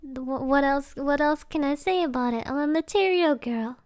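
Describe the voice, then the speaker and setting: A woman's voice: high-pitched, normal speed, a little mellow, no echo, studio quality. A woman streamer chatting casually from home, giggly and rambling in a playful way. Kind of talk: casual live-stream chat.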